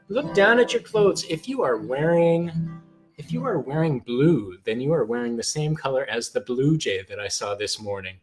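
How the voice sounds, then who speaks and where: A man's voice: medium pitch, animated, moderate pace. Cheerful male kids' music teacher. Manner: cheerful, playful, mixes talk with singing. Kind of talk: live online sing-along class for young kids. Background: guitar strumming.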